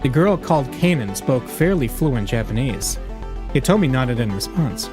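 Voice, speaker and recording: A man's voice: mid-range voice, sing-song, normal speed, music in the background. A man hosting a let's play, reading a visual novel aloud with casual, jokey asides.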